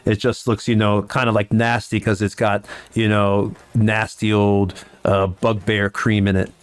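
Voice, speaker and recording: A man's voice: on the low side, flat delivery, unhurried, smooth. A man narrating as game master, rambling and restarting his sentences often. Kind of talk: narrating a tabletop game over a video call.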